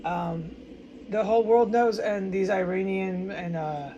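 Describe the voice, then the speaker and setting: A woman's voice: mid-range voice, steady tone, measured pace, dark tone, dull audio, a little hiss or hum. An American woman in a distraught, rambling personal monologue, stumbling over words and swearing often. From United States. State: upset and distraught. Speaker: vlogger.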